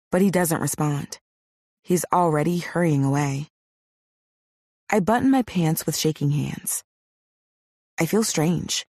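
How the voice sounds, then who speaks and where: A woman with a low, husky voice reads a novel aloud in the first person, measured and intimate. The recording is dry and close, with no room around her. Her breathy tone keeps the telling soft. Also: dry recording. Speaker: audiobook narrator. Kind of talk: first-person scripted narration.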